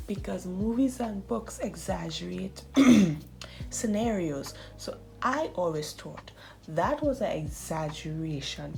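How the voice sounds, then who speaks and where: A woman of thirty talking candidly in a casual voice-over, often laughing and dropping into soft, whispery asides. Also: lowish voice, animated, takes it slowly, gravelly, soft background music. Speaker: art channel host.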